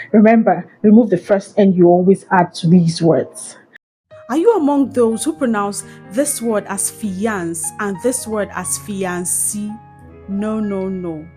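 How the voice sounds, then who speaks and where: Slow, corrective woman teaching pronunciation. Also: mid-range voice, mellow, rough recording. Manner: corrective, repeats words slowly for drill. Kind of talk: pronunciation lesson. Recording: faint background music.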